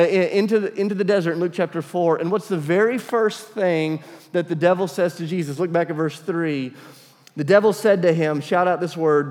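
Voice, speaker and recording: Man preaching in a reverberant hall. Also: a little high. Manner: emphatic, asks the congregation to respond. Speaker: pastor. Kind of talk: sermon.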